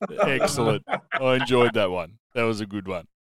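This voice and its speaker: A man co-hosting a casual chat, reacting to a story with slow, wry remarks. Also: fairly low pitch, noisy background.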